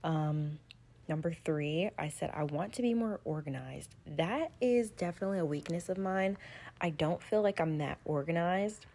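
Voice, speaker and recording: Young woman vlogger, relaxed and chatty, warm low-pitched voice, candid sit-down talk. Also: normal speed, creaky. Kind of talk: casual sit-down chat about goals.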